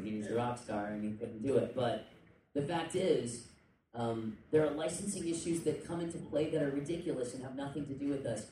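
Rambling man on a panel, echoey room. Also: mid-range voice. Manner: rambling, jokey asides, quick tangents. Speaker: convention panelist. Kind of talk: casual panel talk to an audience. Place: indoor convention panel room. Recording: echoey room, distant mic, faint noise.

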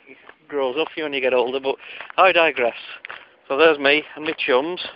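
A man's voice: medium pitch, fairly even intonation, moderate pace, slight background noise. Wry man telling a story. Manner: wry, digressive, self-mocking. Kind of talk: casual comic storytelling. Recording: lo-fi recording.

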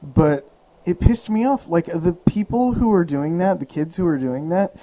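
Mellow young man, easygoing chat. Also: a little high, moderate pace, a little hiss or hum, rough recording. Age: young adult. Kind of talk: casual chat.

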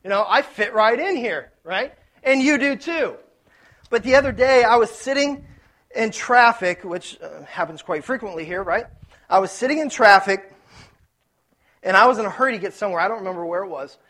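A man from Ohio preaching a sermon, telling stories in a lively, joking, conversational way. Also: high-pitched, fairly quick. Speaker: pastor.

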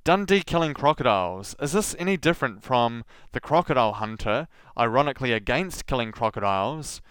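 New male host, smooth clear voice, dry close sound, sardonic commentary. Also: mid-range voice, expressive, fairly quick, fairly bright tone, no room sound. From Southland, New Zealand. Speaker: podcast host. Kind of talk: scripted commentary.

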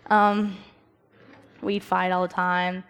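Animated young woman giving a devotional talk. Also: fairly low pitch, slow, clean tone. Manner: animated, acts out quoted voices, laughs at herself.

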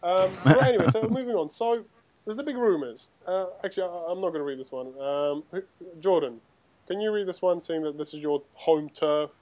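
Male podcast host, slightly higher voice, lively and teasing, steers the chat. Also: a little fast. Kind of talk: casual gaming podcast chat.

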